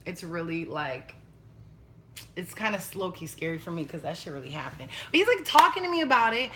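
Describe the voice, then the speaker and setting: A woman's voice: lowish voice, very animated, fairly quick, pushed and bright. A young woman chatting casually and bluntly on a livestream, swearing freely. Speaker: vlogger.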